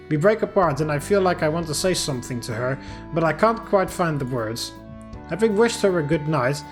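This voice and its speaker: Male let's-play host, dramatic reader of game text. Slightly higher voice, soft music bed. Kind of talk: reading a visual novel aloud.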